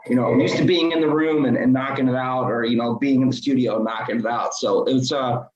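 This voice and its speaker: A man who plays in the band, talking in a rambling, relaxed way in a casual interview. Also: mid-range voice, fast. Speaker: band member. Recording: roomy, dull audio.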